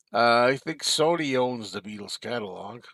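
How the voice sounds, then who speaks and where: A relaxed man talks through a home live stream from his desk and answers his chat as it scrolls by. His voice sits in a middling register and sounds dry and close, with no room around it. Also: medium pitch, gravelly, no room sound. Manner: easygoing, chuckling, talks back to chat. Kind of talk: casual chat reading viewer comments.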